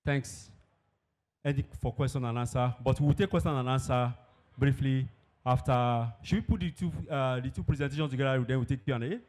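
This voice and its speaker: A man's voice: mid-range voice, steady tone, fairly quick, a little mellow. A man presenting at an industry event in a hall, emphatic, often posing questions and answering them himself. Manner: emphatic, asks and answers his own questions. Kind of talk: conference presentation.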